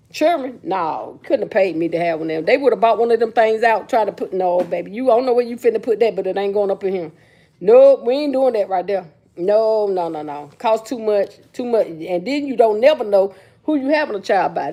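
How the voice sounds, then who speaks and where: A woman's voice: mid-range voice, a little mellow. A middle-aged woman hosting a casual livestream chat, telling stories in a blunt, sassy way full of slang. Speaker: livestream host.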